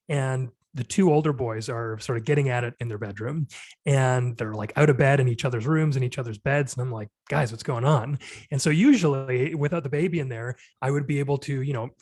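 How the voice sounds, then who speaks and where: A man's voice: mid-range voice, fairly quick, darkish tone, dry recording. A man in his thirties, a podcast guest, telling a personal story in an earnest, reflective way, full of "like" and "you know". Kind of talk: candid conversational storytelling.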